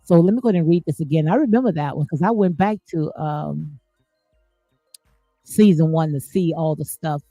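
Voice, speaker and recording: A woman's voice: deep voice, moderate pace, dark tone, dry recording, soft background music. Emphatic, folksy woman live-streamer. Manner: emphatic, preachy, full of folksy sayings and repeated "honey". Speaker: livestream host reading viewer comments. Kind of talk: casual live commentary.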